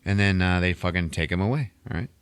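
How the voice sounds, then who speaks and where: There's a dry recording of a man with a low, clear and resonant voice moving at a quick pace. He hosts a podcast and retells a film in a loose, rambling way, cursing constantly and performing the scenes in a casual, profane recap.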